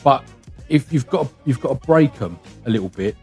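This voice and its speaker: A man's voice: medium pitch, lively intonation, normal speed, darkish tone, breathy edge, soft background music. A middle-aged man, telling blunt stories in a casual podcast chat. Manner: blunt, sweary storytelling. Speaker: podcast host.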